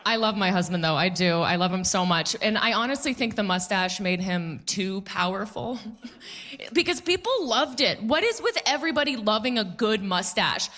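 A woman in her thirties doing a stand-up comedy set on a club stage, animated and jokey, acting out the voices of people in her stories. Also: medium pitch, normal speed.

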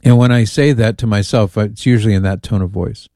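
A man's voice: fairly low pitch, fairly even intonation, fairly quick, dark tone, dry recording, clean studio sound. A man hosting a call-in radio show, chatting and reading listener emails aloud with amused asides. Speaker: radio host.

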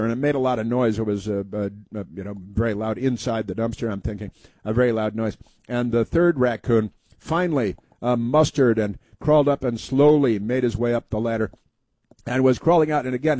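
A man's voice: mid-range voice, warm tone, no room sound. Folksy male talk radio host, dry close sound. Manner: halting, many uh fillers and restarts; folksy storytelling, acting out quoted voices. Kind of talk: rambling talk radio monologue.

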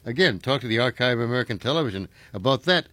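A man's voice: medium pitch, animated, very fast, a bit bright, no room sound. A man hosting a radio show, talking casually with many fillers. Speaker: radio host.

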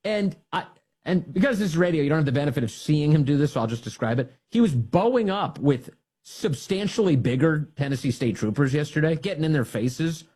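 A man's voice: fairly high pitch, lively intonation, brisk, a little mellow, breathy edge. A man hosting a radio talk show, giving scornful, mocking political commentary and laughing at his targets.

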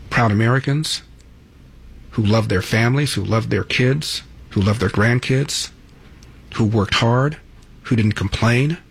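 A man's voice: mid-range voice, vocal fry, husky. A man in his seventies hosting a radio call-in show, telling stories in a chatty, conversational way. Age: 70s. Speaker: radio talk show host.

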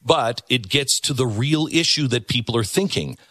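A man's voice: medium pitch, normal speed, sharp tone, dry recording. A middle-aged man hosting a talk show, giving emphatic opinion commentary and repeating words for stress.

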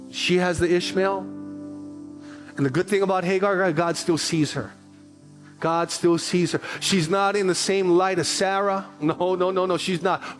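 A middle-aged male pastor preaching with a fairly high voice for a man. He tells stories in an animated way, drops to quiet asides, then builds to loud, repeated lines. Faint music plays underneath. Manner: animated storytelling preacher, swings from quiet asides to raised emphatic repetition. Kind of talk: sermon.

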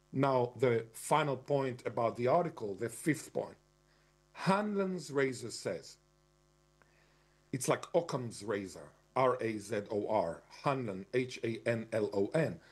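A man's voice: medium pitch, lively intonation, measured pace, husky. A man giving an argumentative lecturing monologue, stressing key words and spelling out terms. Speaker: commentator.

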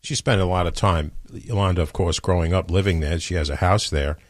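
A middle-aged man with a New York accent, hosting a talk radio show in casual banter with quick joking asides. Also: deep voice, steady tone, no room sound, clean studio sound. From New York City.

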